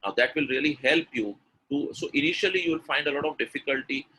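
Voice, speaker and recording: An English pronunciation coach, a man, teaches in an online webinar, explaining patiently and acting out example sentences, which he repeats with exaggerated intonation. His voice is a little high, fast, pushed and bright, and slightly rough. The recording quality is low.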